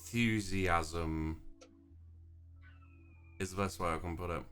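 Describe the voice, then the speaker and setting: A man narrating as game master in a casual, halting way with many fillers. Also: low voice, fairly bright tone, clear, resonant tone, soft background music.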